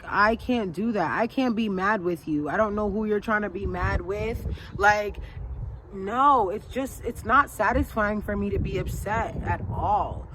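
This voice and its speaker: A woman talks straight to her viewers in a loose, motivational vlog style. She hammers each point home with repetition and a slightly preachy emphasis. Her voice sits at an ordinary middle pitch, with a faint hiss under it. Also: fairly bright tone. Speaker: lifestyle vlogger. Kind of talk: casual motivational talk to camera.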